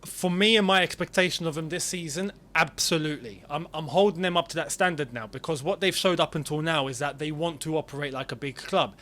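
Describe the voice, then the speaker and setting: Fairly high-voiced man weighing his football opinions. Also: fairly quick, hardly any pauses, pushed and bright. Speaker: football podcast co-host. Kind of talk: casual football chat.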